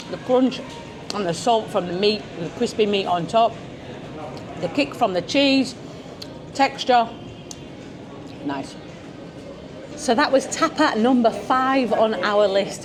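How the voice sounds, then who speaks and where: A woman vlogging at a beachfront restaurant, chatting casually as she tastes tapas and hums her approval at each bite. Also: medium pitch. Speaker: food vlogger. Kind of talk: casual food-tasting commentary. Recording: busy restaurant crowd behind.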